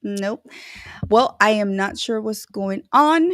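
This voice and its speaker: A woman hosting a casual livestream, giving bubbly, effusive shout-outs to viewers. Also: mid-range voice, animated, slow pace, dry recording, studio quality. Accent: Latina-flavored American English. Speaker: livestream host.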